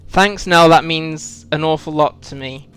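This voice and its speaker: A man's voice: a little high, a little slow, a bit bright, clear, resonant tone. A British man streaming a video game, chatting reflectively with viewers, full of ums and restarts. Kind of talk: casual live-stream chat while playing.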